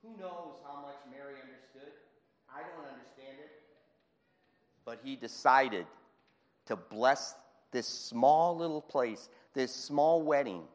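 A male preacher gives an animated sermon and acts out the scenes he tells. His voice sits at a middle pitch. A long reverb trails after him through the hall. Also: slow.

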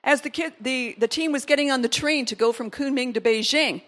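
A woman's voice: high voice, fairly quick. A woman pastor preaching a sermon, telling stories and acting out the voices of people in them. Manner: storytelling, animated, acts out quoted voices.

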